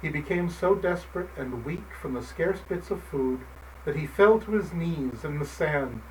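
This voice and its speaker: A man narrating a folk tale in a gentle, measured storybook manner. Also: a little high, animated. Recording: distant mic, faint background noise.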